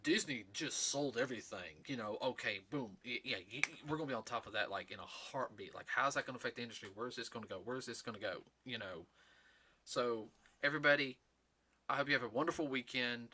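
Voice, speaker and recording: A man hosting a casual talk show, speaking in an earnest, rambling way with halting restarts. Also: mid-range voice, sharp tone, a little hiss or hum. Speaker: host. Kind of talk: casual chat.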